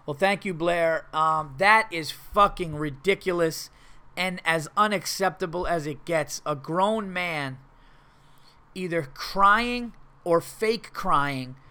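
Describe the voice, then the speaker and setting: A man's voice: a little high, slow pace, bright, forceful tone, smooth. A male podcast host and stand-up comedian in casual chat, reading listener letters aloud and reacting bluntly with heated, profane exasperation. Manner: loose and rambling, full of fillers and restarts.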